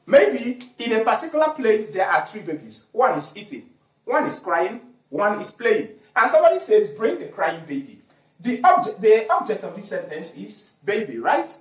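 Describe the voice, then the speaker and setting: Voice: mid-range voice, very animated, moderate pace. An English teacher giving an online grammar lesson, repeating key words and posing questions, then answering them. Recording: roomy echo, faint music behind.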